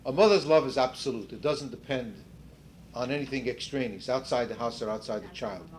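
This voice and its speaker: Briskly and at a medium pitch, an older man runs a seminar discussion, lecturing in a conversational way. He keeps rephrasing and restarting mid-sentence and quizzes the group, with a little hiss or hum audible.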